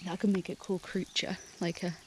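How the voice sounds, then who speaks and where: A young woman, the hiking vlogger, talking casually to her handheld camera on a misty woodland trail outdoors, gushing and excitable, often laughing and dropping to hushed murmurs. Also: on the low side, normal speed, slight background noise. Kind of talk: casual vlog narration while hiking.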